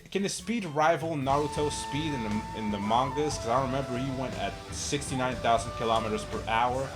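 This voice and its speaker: A man giving rambling, sarcastic comedic commentary, swearing often and jumping up in pitch for jokes. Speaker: YouTube comedy host. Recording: music playing behind.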